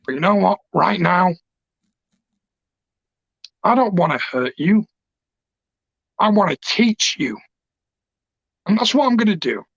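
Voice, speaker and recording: A man's voice: sits high, sing-song, slow pace, creaky, pauses often, fairly bright tone, no echo. A man, a pro wrestler cutting an emotional, passionate, rambling promo. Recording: dull lo-fi dry recording.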